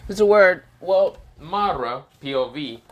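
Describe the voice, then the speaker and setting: A man's voice: a little high, expressive, unhurried, lo-fi sound. A man casually telling an improvised fan story, rambling and swearing, full of fillers and self-corrections.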